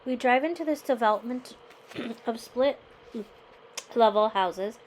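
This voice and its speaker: A woman with a somewhat high voice reads a chapter of a memoir aloud and then shares her thoughts. She speaks conversationally and often ends her points with "right?". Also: unhurried, darkish tone, slight background noise, low-quality recording. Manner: conversational, tags remarks with "right?". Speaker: host.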